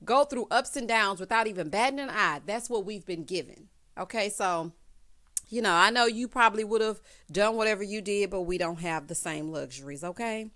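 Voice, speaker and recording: A woman hosting a casual recap of a reality show, sassy and animated, often calling viewers honey. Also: mid-range voice, normal speed.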